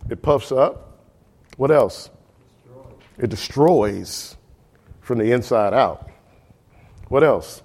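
A man teaching a Bible study class at an ordinary middle pitch. He keeps asking the group questions and checking that they follow. He repeats key words to drive the point home. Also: animated, slow, long pauses, a little mellow.

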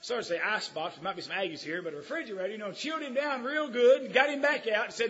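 A man preaching a sermon, folksy and emphatic, swinging from quiet asides to loud declarations. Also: high voice, fast, few pauses, breathy edge, dull audio.

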